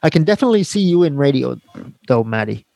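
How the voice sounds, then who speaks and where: A man's voice: medium pitch, sing-song, fast, gravelly, warm tone, dry recording. A man from Canada, a podcast host chatting casually, who apologizes and often interrupts. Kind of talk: casual chat.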